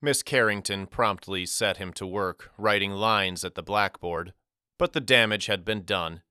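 A man narrating a first-person audiobook story in a wry, measured storytelling manner. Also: fairly low pitch, pushed and bright, clear, resonant tone, no room sound, clean studio sound.

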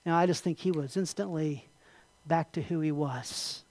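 Pastor giving an animated sermon in a dry, close sound; dramatic drops to a near-hush, then big lifts. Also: mid-range voice, normal speed, dry recording. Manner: animated, swinging from hushed to loud; rhetorical questions.

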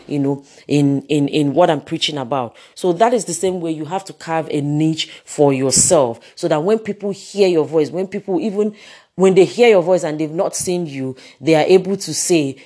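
A woman giving a lively lecture, often repeating words and using fillers. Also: deep voice. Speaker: teacher. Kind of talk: lecture on public speaking.

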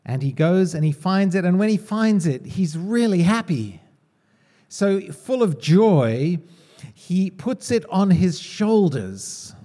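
Male preacher, high voice, conversational, quizzes the room. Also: big pitch swings, slow pace, mellow. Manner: conversational, asks the congregation questions. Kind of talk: sermon.

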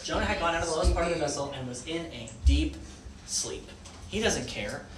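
A man preaching a sermon in an animated way, asking the audience questions. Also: fairly high pitch, brisk, slight background noise. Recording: echoey room.

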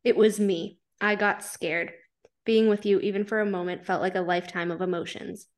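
A woman reading aloud the lines of a shy, tender young woman from a fanfiction story, in soft, earnest dialogue. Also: medium pitch, fairly even intonation, moderate pace, close to an everyday voice.

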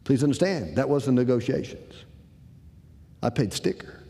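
A man's voice: medium pitch, big pitch swings, normal speed, gravelly, warm tone, in a large hall. A man telling a personal story to an audience in a folksy, conversational way. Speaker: speaker.

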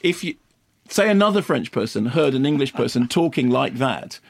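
A man co-hosting a film review radio show, telling a story in animated casual chat with bursts of excitement. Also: medium pitch, moderate pace, gravelly, dry recording. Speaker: film critic co-host.

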